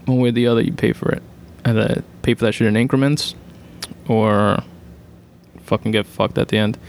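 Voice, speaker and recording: A man with a low, gravelly voice reads out podcast quotes in a loose, casual way. He swears freely and stumbles through fillers between lines. A faint hum of ambience sits behind him. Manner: profane, offhand, with filler words. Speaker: podcast host reading quotes. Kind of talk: casual reading of podcast excerpts.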